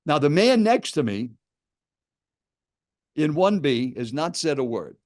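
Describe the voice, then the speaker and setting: A man's voice: a little high, big pitch swings, a little slow, a little mellow. An older man, a professional speaker, animatedly telling a story in an interview and acting out the dialogue.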